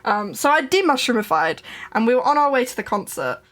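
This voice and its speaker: A woman's voice: a little high, sing-song, fairly quick, fairly bright tone. A young woman hosting a crafting live stream, telling a rambling story in casual chat with many restarts and giggles.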